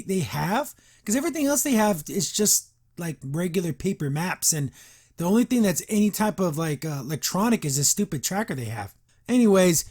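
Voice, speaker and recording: A podcast host recaps a cartoon episode in a loose, chatty way. The voice sits mid-range in pitch, with plenty of "like" and "you know" and a wry, disbelieving edge. It is recorded close on a podcast mic. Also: a little mellow, breathy edge. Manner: rambling, filler-heavy, wry and incredulous. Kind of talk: casual episode recap and review.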